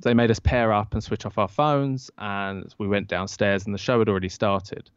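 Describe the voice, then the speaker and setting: A low-pitched man spins an anecdote as a podcast guest, acting out the quoted lines. The sound is dull and lo-fi, dry with no room echo. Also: moderate pace, clean tone. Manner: lively storyteller who acts out quoted lines. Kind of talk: telling an anecdote in an interview.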